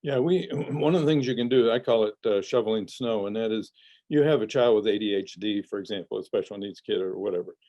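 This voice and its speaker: Low, mellow-voiced older man explaining. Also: highs cut off. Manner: measured, explanatory, frequent restarts and fillers. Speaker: parenting expert guest. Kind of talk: conversational advice interview.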